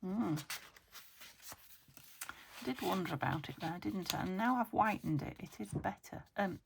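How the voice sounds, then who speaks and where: A woman's voice: mid-range voice, lively intonation, moderate pace, vocal fry, background noise. A woman casually chatting to herself as she works on a junk journal, thinking aloud and often slipping into a whisper. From United Kingdom. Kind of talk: casual crafting chat.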